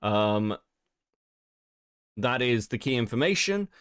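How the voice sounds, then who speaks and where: A man's voice: medium pitch, slow pace, clear, resonant tone, no echo, clean studio sound. A British man hosting a commentary stream, reading documents aloud with sarcastic, profane asides. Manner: sarcastic, swearing, animated, laughing asides.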